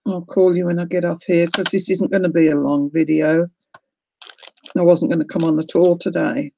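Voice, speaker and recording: A woman's voice: fairly low pitch, steady tone, moderate pace, gravelly, muffled recording, noisy background. A woman hosting a casual live crafting unboxing, gushing and tearful as she talks to viewers. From New Zealand. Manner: gushing, emotional, exclaiming. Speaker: crafting livestream host.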